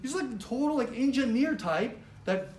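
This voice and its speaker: A woman giving a casual motivational training talk to a live office audience, animated and chatty, filling her speech with "like" and acting out little quotes. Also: high-pitched, moderate pace. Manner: animated, chatty, heavy use of "like", acts out quotes. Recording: roomy live room with faint noise.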